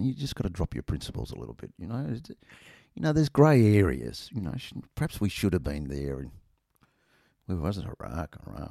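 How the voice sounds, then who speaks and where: A man's voice: extremely low pitch, creaky, mellow, dry recording, clean studio sound. A middle-aged Australian man telling a rambling, self-mocking anecdote in casual chat, full of ums and uhs.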